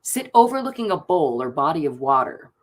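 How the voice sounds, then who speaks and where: A woman giving card readings on a live stream, reading out card texts in a soft, gentle manner and laughing often. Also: low-pitched, very animated, a little fast. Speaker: tarot card reader.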